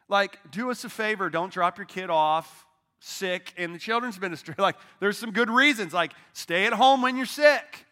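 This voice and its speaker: A middle-aged pastor preaching from a church stage in a lively, conversational way, pulling the congregation into call-and-response. His voice sits high for a man. It has a bright, forceful edge. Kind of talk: sermon.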